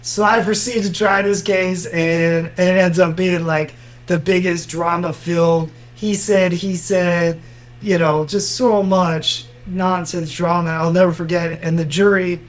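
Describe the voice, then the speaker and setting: A man's voice: high-pitched, measured pace, low-quality recording. A man with a Miami accent, a lawyer and podcast co-host, telling courtroom stories in a casual chat. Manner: animated storyteller, acts out quotes.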